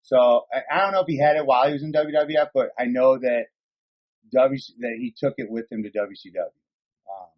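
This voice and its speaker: A man co-hosting a podcast, chatting casually, rambling excitedly and swearing often. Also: mid-range voice, a little fast, highs cut off. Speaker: podcast co-host. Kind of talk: casual chat.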